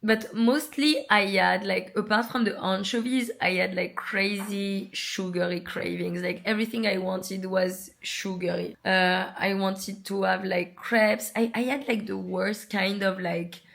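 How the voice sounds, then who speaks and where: A woman, telling personal stories to camera in a chatty, animated way, full of likes and restarts. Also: medium pitch, a little slow, vocal fry, few pauses. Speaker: vlogger. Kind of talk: casual storytelling to camera.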